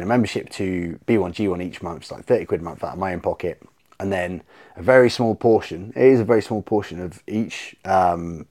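Man, podcast guest, low-pitched, casual, rambling, lively storyteller. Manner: rambling, animated storyteller, lots of fillers. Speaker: podcast guest, soap brand owner.

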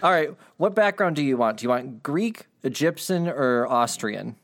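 A man runs a tabletop session for his friends, teasing and quick with asides. His pitch swings widely as he hands out characters. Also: lively intonation, fairly bright tone. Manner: playful, laughing, quick asides. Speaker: game master. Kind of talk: running a tabletop game with friends.

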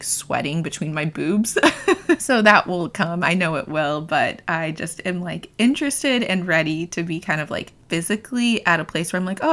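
Chatty woman with a lower voice. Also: fairly bright tone. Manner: chatty, frequent "like" fillers, laughs easily. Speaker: podcast host. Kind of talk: casual personal chat.

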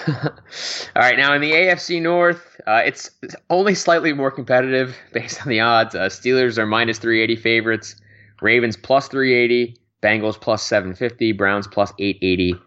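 Bright-voiced man co-hosting a podcast. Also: medium pitch, fairly even intonation, lo-fi sound. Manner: quick, conversational, many fillers and laughs. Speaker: podcast co-host. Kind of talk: casual sports betting chat.

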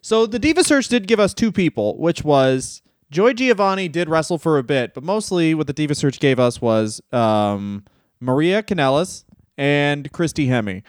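A man's voice: fairly high pitch, animated, moderate pace, no echo, studio quality. A man in his thirties co-hosting a podcast, talking in a crude, rambling, self-mocking way. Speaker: podcast co-host. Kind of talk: casual comedic chat.

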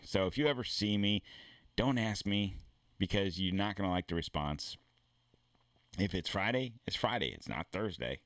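Recorded with no room sound, a man speaks in a low voice with a fairly bright tone. He's hosting his own show, ranting casually in a blunt, profane, meandering way that keeps restarting.

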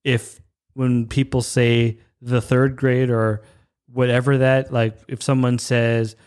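A man in his thirties from Canada hosting a podcast, ranting in a rambling, self-interrupting way and jumping up in pitch when he gets irritated. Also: little pitch movement, slow, darkish tone, clear, resonant tone. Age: 30s. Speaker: podcast host. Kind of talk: casual monologue rant.

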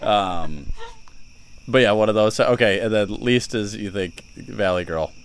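A man's voice: on the low side, unhurried, slight background noise. A man hosting a podcast who chats casually, laughing often and restarting his sentences. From Chicago area. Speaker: podcast host. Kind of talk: casual chat.

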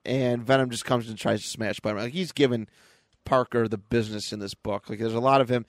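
A man's voice: mid-range voice, no echo. Man animatedly recapping a comic. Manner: animated storytelling, quick character voices. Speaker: podcast co-host. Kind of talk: casual chat, recapping a comic book.

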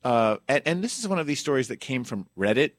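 A man hosting a podcast, telling a story in a loose, chatty way with plenty of asides. His voice is mid-pitched, and the sound is dry and close. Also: big pitch swings, quick pace, dry recording. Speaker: podcast host.

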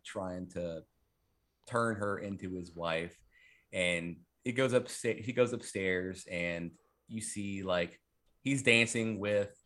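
A man's voice: lowish voice, fairly bright tone. An ordinary-sounding man talks through a horror movie on his podcast. He rambles and swears freely, leaning on plenty of "like"s and "um"s as he goes. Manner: rambling and profane, with many fillers. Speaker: podcast host. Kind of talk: casual horror movie chat.

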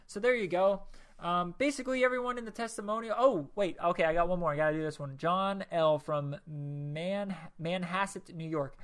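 A man's voice: high voice, normal speed, fairly bright tone. A young man hosting his own podcast alone, rambling casually with lots of ums and jokes at his own expense. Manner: rambling and self-deprecating, with many ums. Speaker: podcast host.

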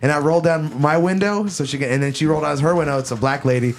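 A man's voice: on the high side, fast, a little hiss or hum. A young man co-hosting a podcast, telling a story in casual chat and acting out his own lines with laughter. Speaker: podcast co-host.

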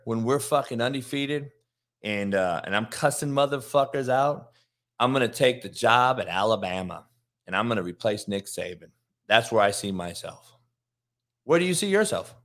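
A man with a bright, forceful voice rants with coarse, mocking bluntness and swears freely. His pitch leaps and dips as he holds forth as a football coach hosting his own show. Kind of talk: casual profane rant.

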